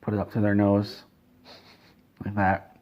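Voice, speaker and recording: A man telling an absurd comedy story in a deadpan, rambling way, correcting himself as he goes. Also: fairly low pitch, measured pace, muffled recording. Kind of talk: absurd comedic story told straight-faced.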